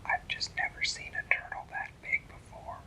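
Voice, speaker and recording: A man voicing a gentle, polite young girl heroine in a storybook. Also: moderate pace, whispered. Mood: curious.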